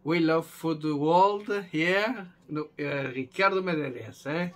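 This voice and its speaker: Slow, enthusiastic man. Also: a little high, fairly bright tone. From Madeira, Portugal. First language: Portuguese. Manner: enthusiastic, repeats tag question "eh?". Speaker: home cooking host. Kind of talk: casual cooking demonstration.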